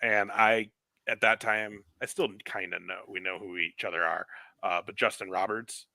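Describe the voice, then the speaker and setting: A man's voice: on the low side, steady tone, normal speed, gravelly, sharp tone, dry recording. A man co-hosting a podcast, chatting casually and telling rambling stories with heavy swearing. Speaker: podcast co-host. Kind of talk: casual chat.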